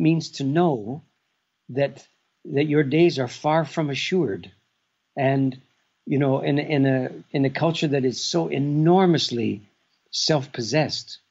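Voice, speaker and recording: A man giving reflective answers as an interview guest, measured and contemplative, with long pauses, speaking remotely from his home. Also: mid-range voice, a little mellow, husky, dull audio. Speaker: guest author.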